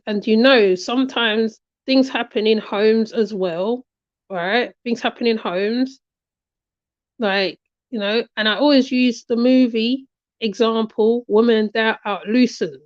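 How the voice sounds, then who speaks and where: This commentary channel host is a woman with a slightly high voice, giving casual reaction commentary. She's emphatic and repetitive, frequently checking in with "right?". The recording is dry, lo-fi and a bit muffled.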